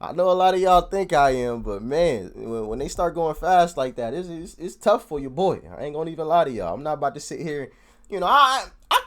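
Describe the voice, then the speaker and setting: Excitable man reacting to music. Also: a little high, fairly quick. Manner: excitable, repeats words, talks to viewers. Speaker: reaction video host. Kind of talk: casual commentary.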